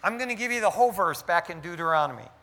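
A man's voice: high voice, expressive, rapid-fire, pushed and bright. A man preaching a sermon in an emphatic, conversational way, often dropping in "man" as he speaks. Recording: echoey hall reverb.

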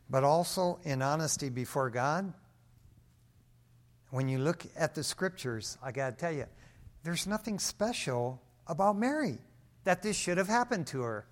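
A man preaching a sermon. His voice is on the higher side, and he mixes casual slang into emphatic delivery. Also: a bit bright. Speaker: pastor.

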